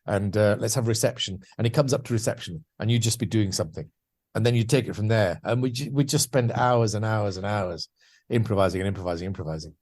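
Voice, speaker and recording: This podcast guest is a man with a lowish, somewhat dark voice who talks quickly. He tells stories from his career, chatting away, poking fun at himself and frequently starting over mid-thought.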